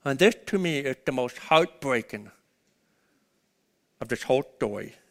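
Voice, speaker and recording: A man preaching a sermon, swinging between loud urgent peaks and hushed low passages. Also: expressive, a little slow. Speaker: pastor.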